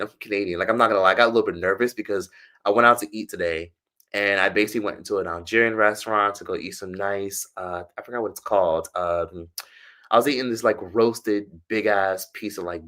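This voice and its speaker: A man's voice: on the low side, a bit bright. A man from the United States chatting casually on a livestream, rambling and swearing as he tells stories. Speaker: streamer.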